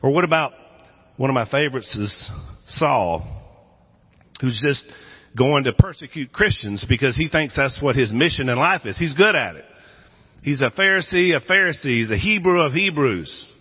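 A man's voice: medium pitch, expressive, normal speed, husky. A male pastor giving a sermon, telling Bible stories dramatically and acting out the voices in them. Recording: echoey hall, dull lo-fi sound.

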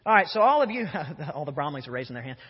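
A young male preacher with a high, husky voice tells stories in an animated way, often doubling his words as he goes. He is recorded in an echoey church hall, and the sound is dull and muffled. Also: fast talker. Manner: animated storyteller who often repeats words. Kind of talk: sermon with humorous storytelling. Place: church sanctuary.

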